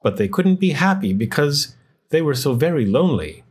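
A man with a fairly high, husky voice reads a children's picture book aloud at normal speed, telling the story expressively.

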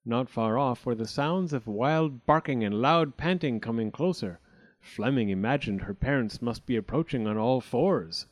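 Man reading a storybook aloud, animated. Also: medium pitch, normal speed. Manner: expressive, with many character voices. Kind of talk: storybook read-aloud narration.

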